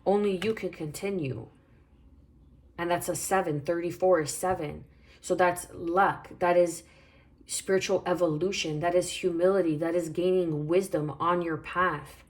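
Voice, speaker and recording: A tarot reader with a somewhat low voice talks through a spiritual reading at a moderate pace, calm and reflective, while hiccuping. She repeats phrases and reads the card numbers aloud as she goes.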